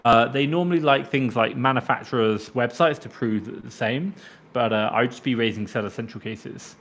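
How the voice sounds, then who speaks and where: Man, mid-pitch, casual live Q&A host, chatty, reads comments aloud, talks into a desk mic. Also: fairly quick, a bit bright, slight background noise. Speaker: live stream host answering seller questions.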